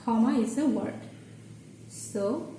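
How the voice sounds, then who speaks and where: A woman's voice: a little high, warm tone, far from the mic, slight background noise. Woman teacher in an echoey room. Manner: patient, explains step by step, halting restarts. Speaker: Bengali language teacher. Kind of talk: explaining at a board. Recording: echoey room, voice from off the mic, faint ambience.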